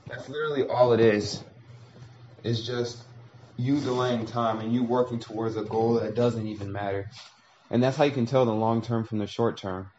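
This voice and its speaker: A man's voice: medium pitch, fairly even intonation, moderate pace, darkish tone, muffled recording, a little hiss or hum. A man talking through a long, reflective monologue, casual and profane, acting out little voices as he tells a story.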